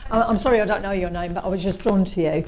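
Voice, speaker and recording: Woman medium, gentle and reassuring, hesitant, mid pitch, light noise behind. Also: fast talker. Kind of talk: mediumship demonstration at a service.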